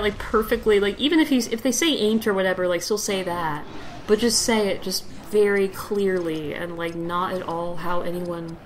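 A woman's voice: mid-range voice, rough recording. A young woman giving casual gameplay commentary, rambling with lots of fillers and giggles. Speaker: let's play host.

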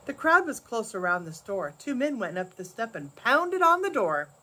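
An older woman, a grandmother, reading a storybook chapter aloud in a soft, measured way. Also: on the high side, big pitch swings, slight background noise.

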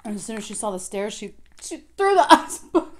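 A woman's voice: mid-range voice, a little fast, a little hiss or hum. A young adult woman telling a storytime vlog while eating, laughing often and acting out the voices in her story. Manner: lively, laughing, acts out quoted voices. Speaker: vlogger.

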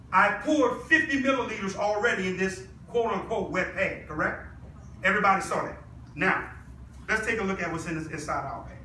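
Persuasive man with a bright voice. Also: sits high, a little hiss or hum. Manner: persuasive, addresses the audience with questions. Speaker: product presenter. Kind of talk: live product demonstration to an audience. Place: room with a live audience. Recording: echoey room, mic at a distance.

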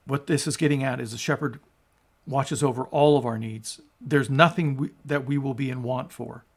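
A man's voice: medium pitch, steady tone, moderate pace. A man preaching a sermon as a pastor, emphatic and conversational, asking his listeners rhetorical questions. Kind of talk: sermon on scripture.

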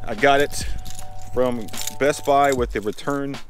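A man vlogs into a handheld action camera as he goes about his day, moving between outdoors, his car and a store. His mid-range voice is steady and a bit slow as he rambles and cuts himself off, with lofi music in the background.

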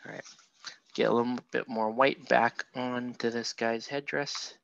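A man streaming a painting session with a gravelly, fry-laced voice, rambling and joking with chat between brushstrokes. The sound is dry and close, and a little dull and muffled. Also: medium pitch, steady tone, unhurried, a bit bright, no echo. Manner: chatty, rambling, self-mocking, talks to chat as he paints. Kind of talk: casual livestream painting tutorial.

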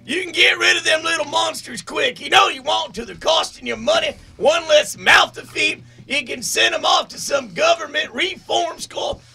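A man voicing a crude, drunken male redneck advice-giver who rants in loud, vulgar bursts for a comedy call-in show. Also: very high voice, normal speed, few pauses, faint music behind, full character voice. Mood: rowdy ranting. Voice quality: gravelly shouting rasp. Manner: rowdy, boastful, vulgar rants.

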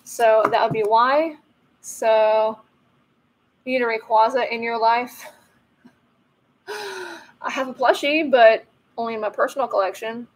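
A woman's voice: a little high, unhurried, pauses often, low-quality recording. A woman hosting a card-opening video, chatting playfully and joking as she goes through the cards. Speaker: host of a card-opening channel. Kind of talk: casual card-opening commentary.

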